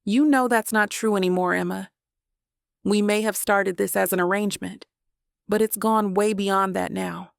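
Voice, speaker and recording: A woman voicing a steady, wealthy young man in an audiobook romance, speaking low, firm and measured. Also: creaky, clear, resonant tone, no echo, clean studio sound, lightly acted. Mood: reassuring.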